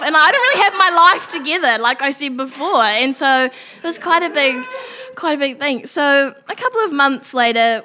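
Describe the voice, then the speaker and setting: A woman telling a funny story on stage at a live event, acting out the lines of the people in it. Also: sits high. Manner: animated, acts out her own and others' lines.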